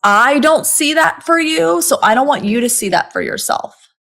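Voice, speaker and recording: Gravelly-voiced woman podcast co-host. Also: high-pitched, lively intonation, moderate pace, fairly bright tone. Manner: reassuring, direct, playful. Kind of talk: casual chat.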